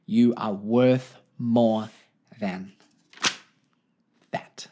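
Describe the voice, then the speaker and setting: A man's voice: medium pitch, steady tone, drawn-out words, noisy background. A young man with a New Zealand accent hosting a solo podcast, telling a story in a jokey, rambling way and laughing often. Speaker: podcast host.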